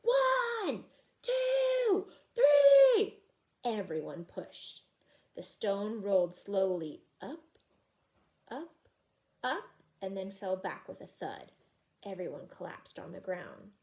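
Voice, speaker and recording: A woman reading a children's chapter book aloud in an expressive, animated way. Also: mid-range voice, takes it slowly, vocal fry. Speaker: reader.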